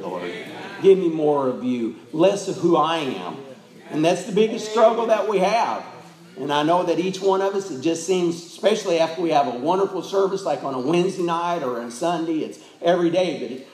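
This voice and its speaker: Male pastor, raised-pitch fervent sermon delivery, echoey church room. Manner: fervent preaching, frequent calls of amen.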